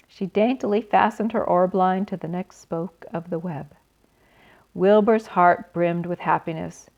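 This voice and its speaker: Gentle woman reading a storybook. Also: fairly low pitch, unhurried, gravelly. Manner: gentle and expressive, with asides to listeners. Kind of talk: reading a children's book aloud. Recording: slightly dull recording.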